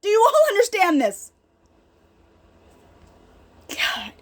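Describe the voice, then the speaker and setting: A woman's voice: very high-pitched, expressive, unhurried, a little hiss or hum. A middle-aged woman giving an earnest, emphatic personal faith talk, speaking straight to her listeners. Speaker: healing ministry speaker.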